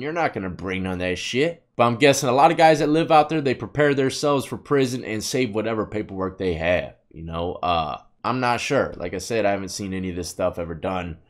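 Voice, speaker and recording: A man hosting a reaction vlog, talking about prison life in a laid-back, slangy way. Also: medium pitch. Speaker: host reacting to clips, formerly incarcerated. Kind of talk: casual reaction commentary.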